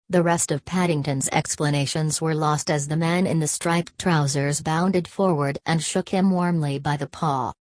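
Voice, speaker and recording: Brief: woman narrator, low voice, dry close sound, storybook reading. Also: fairly even intonation, measured pace, few pauses, a little mellow, dry recording. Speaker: reader.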